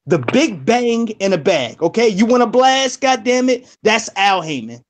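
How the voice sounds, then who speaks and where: A man's voice: sits high, sing-song, measured pace. A man co-hosting a boxing live stream, lecturing emphatically with plenty of swearing. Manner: profane, preachy, emphatic. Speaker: co-host on a boxing show. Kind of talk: heated live-stream rant.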